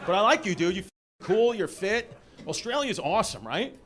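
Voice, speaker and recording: A man's voice: fairly high pitch, fast talker. A man from Brooklyn doing a stand-up comedy set in a theater, acting out quoted voices and bantering with the audience. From Brooklyn, New York. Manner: animated, shifts into quoted voices, banters with crowd. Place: theater stage before a live audience. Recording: live venue with audience noise.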